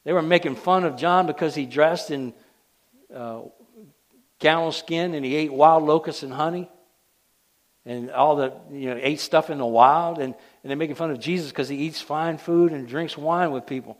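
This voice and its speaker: Man preaching, loud then hushed. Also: on the high side, moderate pace. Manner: emphatic, swings between loud declarations and hushed asides. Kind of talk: sermon.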